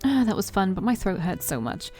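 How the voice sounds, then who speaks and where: A woman's voice: mid-range voice, big pitch swings, a little fast, a little mellow, soft background music, lightly acted. A woman doing a bubbly outspoken young woman. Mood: cheerful. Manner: bubbly, blunt.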